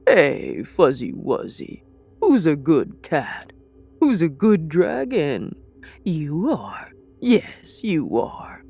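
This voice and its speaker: A woman voicing a cold, commanding male sorcerer who gives calm, menacing orders. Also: sits low, a little slow, gravelly, soft background music, full character voice. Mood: cooing.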